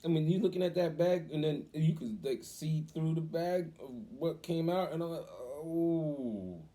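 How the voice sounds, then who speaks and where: A man casually telling a story on his vlog, animated and acting out the voices of people in it. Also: a little high, moderate pace. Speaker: cooking vlogger.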